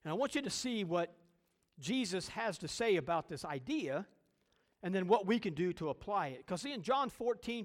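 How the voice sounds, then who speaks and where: A pastor preaching a sermon, emphatic and full of rhetorical questions and repeated phrases. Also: male voice, high-pitched, in a large hall.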